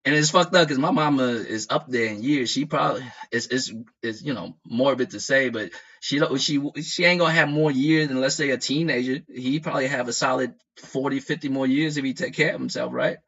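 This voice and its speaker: Bright-voiced man ranting profanely. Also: mid-range voice, a little fast, few pauses. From United States. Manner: profane, animated rant with frequent laughs. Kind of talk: casual chat. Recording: dull lo-fi audio.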